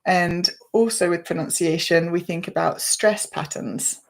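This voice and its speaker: A woman teacher explaining pronunciation in a patient, measured way as a guest in a conversation. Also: on the low side, vocal fry. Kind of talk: explanatory chat.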